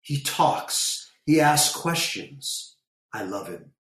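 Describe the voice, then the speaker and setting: A man reading a story aloud, voicing an anxious, excitable uncle who shouts and pleads emphatically. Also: on the high side, slow, reverberant, voice pushed up. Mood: pleading.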